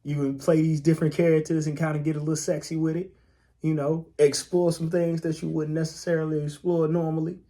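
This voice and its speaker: A man's voice: a little high, flat delivery, brisk, warm tone. A man co-hosting a podcast in casual chat, laid-back and emphatic, swearing freely and repeating phrases to drive a point home. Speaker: podcast co-host.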